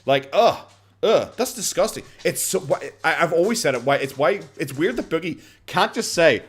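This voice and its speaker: A man's voice: a little high, animated, a little fast, slight background noise. An Irish man reacting to a video on a home stream, sarcastic and sweary, full of fillers. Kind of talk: casual reaction commentary.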